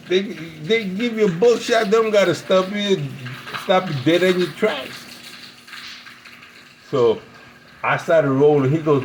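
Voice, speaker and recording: A man's voice: on the high side, a little slow, noisy background. A man casually telling a long story, rambling, repeating words and laughing often. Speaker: pipe-smoking video host.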